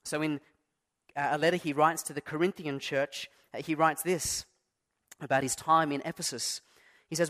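A man preaches to his church in an easy, conversational way. He pokes fun at himself and leans hard on key words for emphasis. His voice sits a touch higher than most men's. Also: moderate pace, a bit bright. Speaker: pastor. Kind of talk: sermon.

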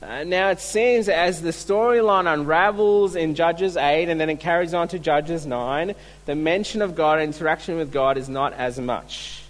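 A man's voice: fairly high pitch, normal speed, few pauses, low-quality recording. A man preaching a sermon, earnest and full of rhetorical questions. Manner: earnest, asks rhetorical questions, restarts words.

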